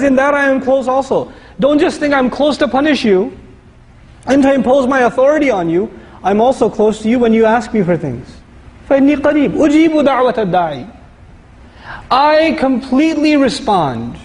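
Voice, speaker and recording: A man giving a lively, conversational sermon-style lecture, reciting Arabic verses and explaining them. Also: very high-pitched, in a large hall, low-quality recording. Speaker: Islamic lecturer.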